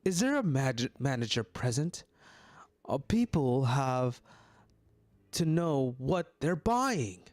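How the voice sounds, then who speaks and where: A man doing a huffy, pompous old gentleman with a put-on British accent, his voice leaping up and down in lively swoops. He lingers over each word and sounds close and dry. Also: mid-range voice, slow pace, dry recording. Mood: haughty. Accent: attempted British. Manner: pompous, indignant. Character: fussy older gentleman obsessed with Victorian fashion. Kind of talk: reading a dating-game script aloud.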